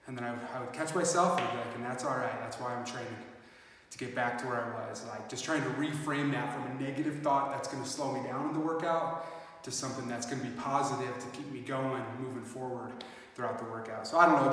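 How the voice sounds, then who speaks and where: A fitness vlogger talks reflectively and rambles with lots of fillers, recorded on a phone camera set some distance away. The sound is echoey and roomy with slight background noise, and his mid-range voice is fast and a bit bright.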